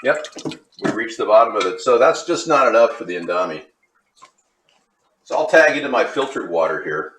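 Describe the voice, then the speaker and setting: A man's voice: lowish voice, expressive, normal speed, pauses often, a bit bright, a little hiss or hum. A man from Hollywood, California, hosting a cooking livestream and rambling in conspiratorial asides to his chat. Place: home kitchen. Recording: echoey kitchen with faint clatter.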